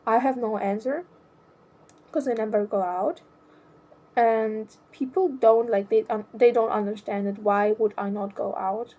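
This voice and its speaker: A young adult woman talking about her own life in a hesitant, halting way, often restarting her sentences. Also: fairly high pitch, warm tone. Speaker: vlogger. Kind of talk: personal confessional monologue.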